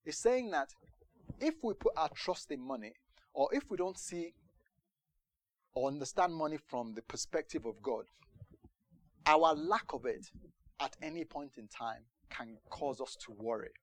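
A man preaching a sermon, telling a personal story in an animated way, laughing at times and acting out the quotes. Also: fairly high pitch, a little slow, long pauses.

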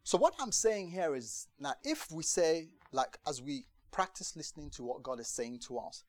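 A man preaching a conversational sermon to a congregation, lively and chatty, acting out the voices he quotes and often asking if they understand. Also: fairly high pitch, moderate pace, dry recording. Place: church gathering in the UK.

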